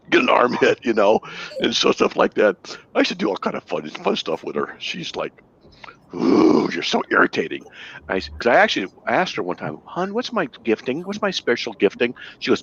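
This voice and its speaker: A man's voice: on the low side, huge pitch swings, moderate pace, gravelly, a bit bright, breathy edge, dull audio. A man hosting a casual livestream, telling playful stories and laughing often. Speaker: ministry host. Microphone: webcam.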